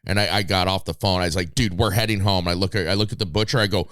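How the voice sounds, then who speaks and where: A man on a podcast, retelling a story in a lively way and acting out what people said. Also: sits low, racing, clear, resonant tone, no room sound, clean studio sound. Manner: lively retelling, acts out quotes. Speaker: podcast co-host. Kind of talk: casual storytelling chat.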